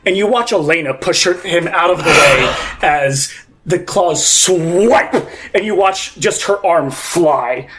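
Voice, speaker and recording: A man's voice: on the high side, slow, noisy background. A young man narrating as game master, improvising in a rambling way full of fillers.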